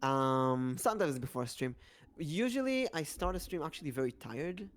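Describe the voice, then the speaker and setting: A man co-hosting a podcast, chatting casually about streaming in a lively, slightly halting way. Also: a little high, slight background noise.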